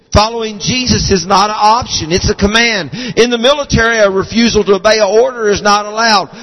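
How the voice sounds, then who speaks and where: A man's voice: sits high, fairly bright tone. A man preaching a sermon, fervent and full of restarts and repeated words. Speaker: pastor. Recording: long reverb of a large hall.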